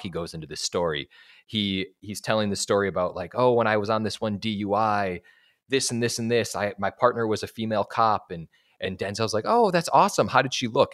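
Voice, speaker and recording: Lower-voiced guy on a podcast, chatty and loose, acts out the lines as he retells a movie. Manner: animated storyteller acting out lines; loose and profane. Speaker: podcast co-host. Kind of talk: casual chat retelling a film scene.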